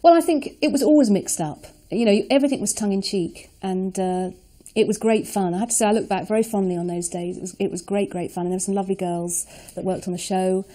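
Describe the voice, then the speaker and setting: A middle-aged woman with a mellow, warm tone tells chatty anecdotes in an interview. She talks lightly, as a storyteller. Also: medium pitch, fast talker. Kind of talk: reminiscing interview.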